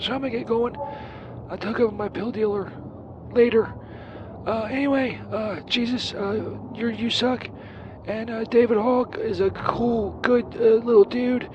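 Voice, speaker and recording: A man with a very high voice keeps a steady tone and measured pace on a lo-fi recording. Flustered, he plays a crude, sleazy Saint Peter calling into a comedy show from outside a church, rambling, swearing and full of ums and uhs, while vehicles pass on a noisy street.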